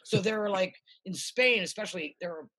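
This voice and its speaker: Woman, from the US, middle-aged, interview guest, rambling, profane, husky. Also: medium pitch, brisk. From United States. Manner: rambling, profane, animated storytelling. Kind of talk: casual interview chat.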